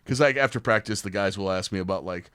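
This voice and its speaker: A man's voice: fairly low pitch, fast, smooth, no room sound, clean studio sound. A young man, a podcast guest telling stories in casual chat and acting out the voices of other people. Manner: animated storyteller, acts out quoted voices loudly.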